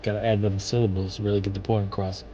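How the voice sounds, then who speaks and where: Man, lower voice, playful teasing, frequent laughter, casual gaming chat. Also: flat delivery, fast talker, dull audio.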